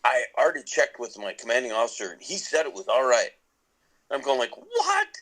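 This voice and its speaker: A man's voice: mid-range voice, fairly quick, a bit bright, low-quality recording. Man telling a rambling story. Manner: rambling with many restarts and laughs. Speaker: podcast guest, musician. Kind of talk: casual storytelling.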